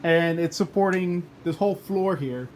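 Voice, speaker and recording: A man's voice: fairly high pitch, moderate pace, a little hiss or hum. A man hosting a car channel, chatting casually in his home garage, joking, laughing and swearing as he works. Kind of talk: casual garage chat to camera.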